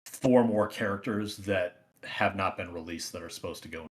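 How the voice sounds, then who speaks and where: A man hosting a podcast, explaining in halting speech with many repeated words and restarts. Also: low-pitched. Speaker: podcast host. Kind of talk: casual chat.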